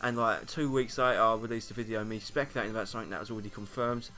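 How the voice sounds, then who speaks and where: A young British YouTuber chats casually to camera in a lowish, fairly even voice that is pushed and bright, and he talks very fast. His vlog monologue rambles and pokes fun at himself, with laughs between points over soft background music.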